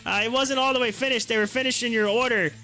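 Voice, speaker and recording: Brief: man voicing a plain-spoken delivery guy, high bright tone. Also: steady tone, fast talker, faint music behind. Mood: matter-of-fact. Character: puzzled male pizza delivery driver.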